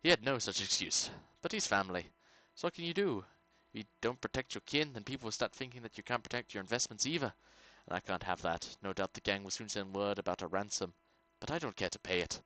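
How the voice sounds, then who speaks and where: A man voicing a worried townsman from a game who persuades a stranger to rescue his brother, in a put-on accent and a measured, coaxing manner. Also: lowish voice, animated, sharp tone, low-quality recording. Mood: persuasive. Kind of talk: reading game dialogue aloud.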